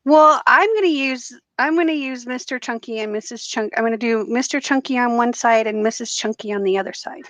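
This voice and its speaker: A woman's voice: a little high, a little fast, hardly any pauses, a bit bright, dry recording. A woman hosting a casual live art stream, chatting freely with lots of fillers and laughs. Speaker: host of a live acrylic pouring stream.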